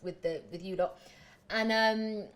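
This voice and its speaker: A woman's voice: medium pitch, steady tone, a little slow, rough recording. A woman hosting a casual interview, enthusiastic and encouraging toward her guest. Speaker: host. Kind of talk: casual chat.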